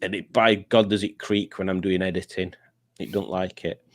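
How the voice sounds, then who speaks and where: A man's voice: sits low, fairly even intonation, normal speed. Chatty man hosting a casual talk. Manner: chatty, laughs often, reads out comments. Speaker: podcast host. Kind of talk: casual chat.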